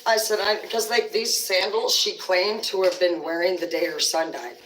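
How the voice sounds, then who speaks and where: A woman's voice: on the low side, normal speed, a bit bright, a little hiss or hum. A woman hosting a livestream who tells rambling, profane stories in a blunt, casual way. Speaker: livestream host. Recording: roomy sound, distant from the mic.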